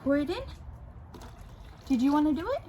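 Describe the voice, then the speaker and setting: A mom vlogger chatting casually in her backyard, relaxed with the camera and turning to sing-song baby talk with her toddler. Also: high voice, normal speed. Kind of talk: casual home vlog chat. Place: backyard outdoors. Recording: outdoor ambient noise.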